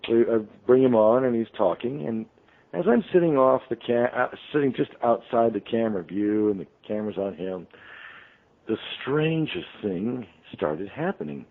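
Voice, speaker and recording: A man, a radio show guest, telling a long story in a rambling way full of ums and restarts. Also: mid-range voice. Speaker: interview guest, author. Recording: tinny phone line.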